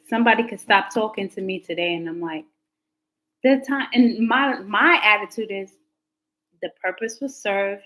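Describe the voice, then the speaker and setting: A woman's voice: medium pitch, a bit bright, rough recording. A woman tarot reader talking casually to her livestream viewers, candid and slangy. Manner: chatty and candid, slangy, talks back to chat comments.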